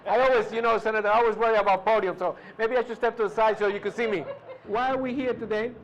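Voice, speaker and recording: A man's voice: high voice, fairly even intonation, quick pace, dull audio, slight background noise. A man with a Colombian accent giving a speech at a podium as a community leader, hesitant and repeating words. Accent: Colombian Spanish. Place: indoor event hall. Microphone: podium mic.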